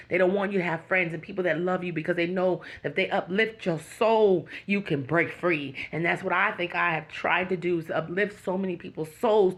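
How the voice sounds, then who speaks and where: A woman's voice: fairly low pitch, rough recording. A woman hosting her own channel, talking straight to her viewers with earnest, preaching encouragement. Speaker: YouTube channel host. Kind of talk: emotional direct-to-camera talk.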